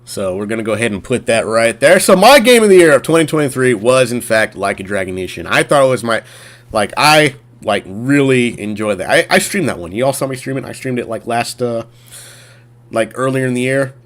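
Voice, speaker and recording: A man with a middle-pitched voice, talking casually about games in a loose, rambling way. He stops and restarts often and leans on filler words. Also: expressive, brisk, a bit bright. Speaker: gaming streamer. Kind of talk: casual chat.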